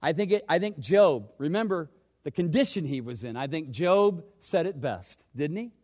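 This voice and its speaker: A male pastor preaching a sermon, swinging between loud urgent questions and hushed, low asides. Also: expressive, moderate pace.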